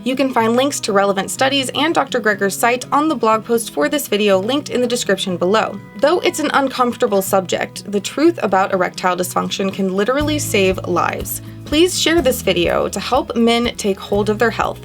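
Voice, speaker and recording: A woman's voice: fairly high pitch, lively intonation, normal speed, few pauses, faint music behind. A woman hosting a video channel, speaking conversationally. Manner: conversational, self-mocking asides. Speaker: channel host. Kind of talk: video outro and interview.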